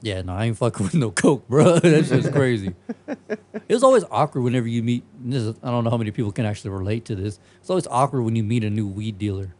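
A young man with a voice of middling pitch, chatting among friends on a podcast. He swears freely and laughs a lot, and he jumps up in pitch whenever he acts out a quote. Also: fast. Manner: animated, profane, laughs often, acts out quotes. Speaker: podcast co-host. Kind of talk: casual chat.

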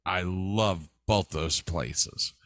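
A man talking casually about favorite movies, drawn out with many fillers and restarts. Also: no room sound. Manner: slow, drawn-out, lively pitch, frequent fillers and stutters.

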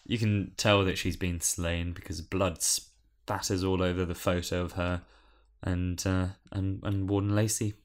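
A man's voice: sits low, little pitch movement, measured pace. A man co-hosting a podcast, chatting casually and throwing in dry, wry quips. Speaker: podcast co-host. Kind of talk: casual chat.

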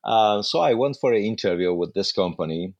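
A man, a guest actor, telling lively anecdotes and acting out dialogue. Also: on the low side, a little fast, no echo, highs cut off. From Iran. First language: Farsi. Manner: animated anecdotes with acted-out dialogue. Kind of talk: casual storytelling.

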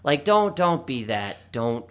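A man's voice: mid-range voice, sing-song, takes it slowly, a bit bright. A man co-hosting a casual podcast chat with a Baltimore accent, rambling and joking with lots of swearing. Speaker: podcast co-host.

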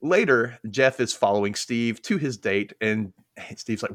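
A man hosts a casual podcast recap and acts out the characters' lines as he goes. His pitch swings widely and his delivery stays animated. He sits in the middle of the usual male range. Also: moderate pace, no echo, clean studio sound. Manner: animated, acts out scenes in quoted voices. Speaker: podcast host.

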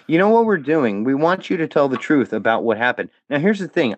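A man's voice: mid-range voice, big pitch swings, a little fast, few pauses, no echo, highs cut off. A man speaking as a podcast guest, delivering a heated, profanity-laced rant aimed at his critics. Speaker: guest, former fan of a comedian. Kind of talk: angry monologue addressed at critics.

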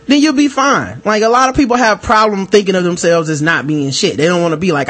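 A man's voice: high-pitched, quick pace, few pauses, fairly bright tone. A man co-hosting a podcast in casual, profane, emphatic chat. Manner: profane, emphatic, mimics others. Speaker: podcast co-host.

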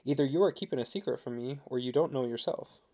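A man voicing a devoted young husband, earnest and gently persuasive. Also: mid-range voice, fast, close to an everyday voice.

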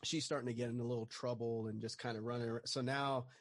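A man's voice: mid-range voice, steady tone, fast, dry recording, studio quality. A man talking as a podcast guest, reflective and casual, often saying "you know". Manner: thoughtful, many fillers like "you know".

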